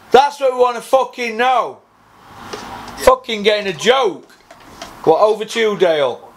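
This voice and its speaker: A man's voice: high-pitched, expressive, normal speed. A man hosting a podcast, delivering a blunt, profanity-laced rant about the sport. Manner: ranting, sweary, blunt. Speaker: podcast host.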